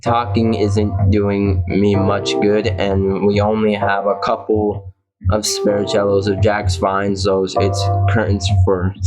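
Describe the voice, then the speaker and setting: A man reading a dating game aloud and voicing its characters, stumbling over words now and then. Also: on the low side. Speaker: game player narrating. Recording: voice over loud game music. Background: loud music.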